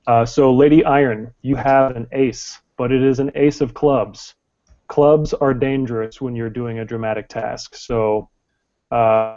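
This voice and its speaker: A man runs a tabletop game as its game master, his voice mellow and relaxed. He works through the rules one step at a time, with plenty of ums and uhs. The recording sounds dull and lo-fi. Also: mid-range voice. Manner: explains rules step by step, many fillers.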